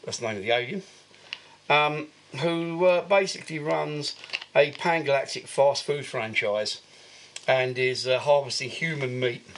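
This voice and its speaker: A man's voice: medium pitch, unhurried, fairly bright tone, slight background noise. A man co-hosting a podcast, giving a rambling, filler-heavy recap of a film in casual chat. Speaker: podcast co-host.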